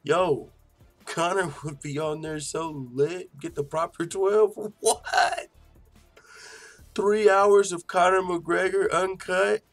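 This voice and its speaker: A man hosting a mixed martial arts news show, talking casually in an animated, slangy and profane way and often laughing. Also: sits high, takes it slowly, faint music behind. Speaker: MMA news show host. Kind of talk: casual commentary.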